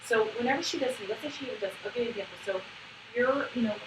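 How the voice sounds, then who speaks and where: A woman trainer talks quickly and brightly, scattering "like" through her coaching. She sounds a little high. The recording is distant and roomy, with steady noise behind her. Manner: brisk, chatty, full of "like" fillers. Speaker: trainer of autism program volunteers. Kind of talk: hands-on instructional coaching. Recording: echoey room, distant mic, background noise.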